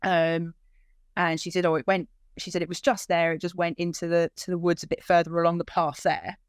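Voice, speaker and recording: A woman's voice: lowish voice, brisk, clear, resonant tone, dry recording, clean studio sound. A woman telling the emotional story of searching for her lost dog, acting out the dialogue as she goes. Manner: animated retelling with quoted dialogue, voice lifting when moved.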